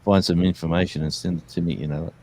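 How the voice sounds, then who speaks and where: A man's voice: deep voice, steady tone, fast talker, warm tone, breathy edge. A man, telling stories in a rambling, easygoing way as a guest on a chat show. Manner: rambling, easygoing, many fillers and restarts. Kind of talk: casual storytelling chat.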